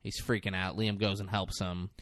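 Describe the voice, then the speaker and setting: A man's voice: low-pitched, dry recording, clean studio sound. A man co-hosting a podcast, casually and profanely recapping a film scene by scene. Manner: profane, animated retelling with quick quoted lines. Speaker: podcast co-host.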